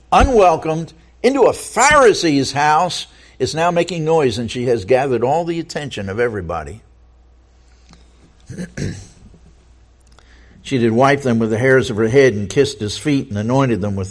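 A man preaching a sermon, reading scripture aloud and asking the listeners earnest rhetorical questions, often stumbling and repeating words as he goes. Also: medium pitch.

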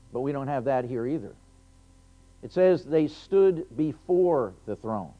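A man preaching a sermon, reading scripture aloud and stressing key phrases, with frequent restarts. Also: a little high. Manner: emphatic, rising on key phrases, with many restarts. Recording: lo-fi dull recording.

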